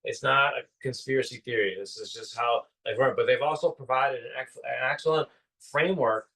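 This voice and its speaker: A man's voice: mid-range voice, a little fast, sharp tone. A man in his fifties, co-hosting a casual spiritual conversation, rambling with enthusiasm and full of fillers. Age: 50s. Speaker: podcast co-host. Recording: distant from the mic.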